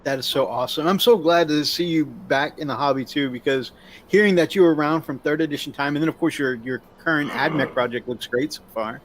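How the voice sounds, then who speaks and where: A man's voice: a little high, a little fast, a little hiss or hum. Upbeat, talkative male stream host. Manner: chatty, upbeat, reads chat comments aloud. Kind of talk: casual live-stream chat.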